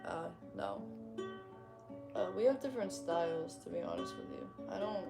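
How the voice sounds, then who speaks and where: A woman's voice: lowish voice, moderate pace, creaky, over loud music. A young woman casually chatting on a stream, reading out comments and reacting in a blunt, profane, rambling way. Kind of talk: casual livestream chat.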